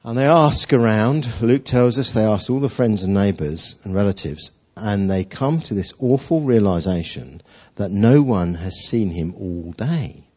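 A man's voice: lowish voice, lively intonation, measured pace, darkish tone, breathy edge. A male preacher giving a sermon, telling a story in a chatty way full of rhetorical questions. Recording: dull lo-fi sound.

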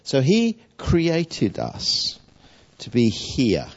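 Husky preacher with lively delivery. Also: male voice, mid-range voice. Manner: warm storytelling, playful jokes, dramatic pauses. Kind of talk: sermon. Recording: dull lo-fi recording.

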